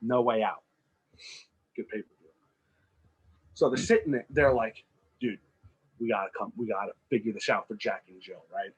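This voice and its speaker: A man's voice: fairly low pitch, normal speed, long pauses, slightly rough, highs cut off. A man co-hosting a podcast, casually telling a made-up movie plot and acting out the characters' lines. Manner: animated, acts out characters' lines. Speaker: podcast co-host. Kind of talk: casual storytelling chat.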